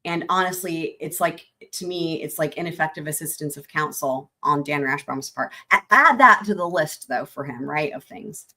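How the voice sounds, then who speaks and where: A woman hosting a livestream, commenting casually on trial footage with animated exclamations and swearing. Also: sits low, moderate pace, few pauses. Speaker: livestream host.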